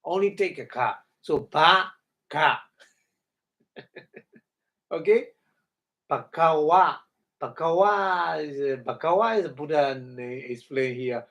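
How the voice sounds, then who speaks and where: A man giving a Dhamma talk in halting English, breaking Pali words into syllables, often chuckling and asking if listeners follow. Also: a little high, expressive, a bit bright. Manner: halting non-native English, chuckles often, checks understanding. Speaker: meditation teacher.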